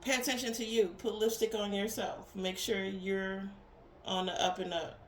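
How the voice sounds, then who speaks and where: A woman's voice: medium pitch, level tone, moderate pace, slight background noise. Blunt, profane woman in an echoey room. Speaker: tarot reader. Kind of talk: casual spiritual pep talk. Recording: roomy echo with faint ambience.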